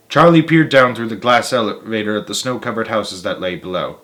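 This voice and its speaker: A man's voice: on the low side, fairly quick, few pauses, bright, forceful tone. Man reading a children's book aloud. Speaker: storyteller.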